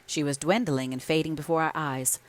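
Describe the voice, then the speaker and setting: A woman narrating a classic novel as an audiobook, in a measured, expressive storytelling manner. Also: sits low. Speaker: audiobook reader.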